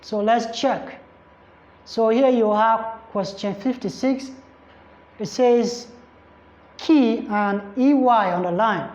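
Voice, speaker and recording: A woman teaching an exam English lesson, speaking deliberately and repeating words slowly to model their pronunciation. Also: on the high side, a little mellow. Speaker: exam tutor. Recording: roomy, dull lo-fi recording.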